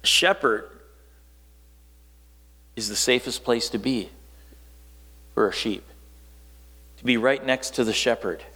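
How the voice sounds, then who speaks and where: A man's voice: slow, pauses often, husky. Man preaching a storytelling sermon in a reverberant hall. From northern Wisconsin. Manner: storytelling, conversational, dropping low and quiet for emphasis.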